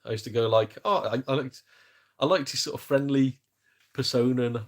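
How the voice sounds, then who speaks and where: A man's voice: mid-range voice, a little fast. A man hosting a casual gaming live-stream chat, rambling and self-deprecating with jokes. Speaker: gaming YouTuber host.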